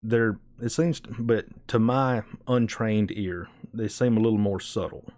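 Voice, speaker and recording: A man's voice: fairly low pitch, fairly even intonation, measured pace, a little mellow. A man with a fairly thick Southern American accent, chatting casually with viewers on a live stream and often restarting his words. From Southern United States.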